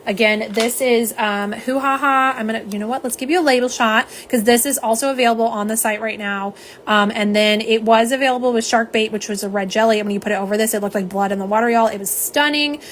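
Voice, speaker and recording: A woman's voice: on the high side, fairly even intonation, fast, a little hiss or hum. A woman hosting a live nail polish stream, talking casually and chattily to her viewers and answering their comments. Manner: chatty, talks straight to viewers as "y'all" and reads out chat comments.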